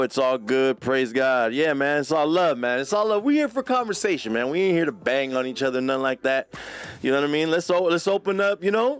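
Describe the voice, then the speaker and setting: Profane, slangy LA podcast host. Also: male voice, a little high, fairly bright tone, clear, resonant tone. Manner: casual, profane, laughing, street slang. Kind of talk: live-stream chat reading comments.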